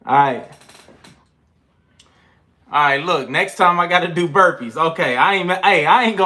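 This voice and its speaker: A young man talks through a casual trading livestream, loose and slangy. He sounds winded, and his voice sits a bit high with a bright, forceful edge. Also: measured pace, pauses often. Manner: loose, slangy and animated, counting push-ups between chart talk. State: out of breath. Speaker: trading channel host.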